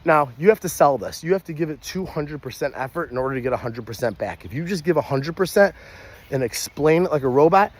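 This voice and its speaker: Speaking at a quick pace, a young adult party entertainer energetically explains how kids' party games work. He breaks into loud, high shouts as he performs the calls.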